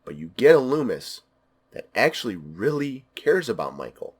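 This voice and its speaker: A man's voice: medium pitch, sing-song, normal speed, husky. A man giving a casual spoken movie review, enthusiastic and repeating words for emphasis.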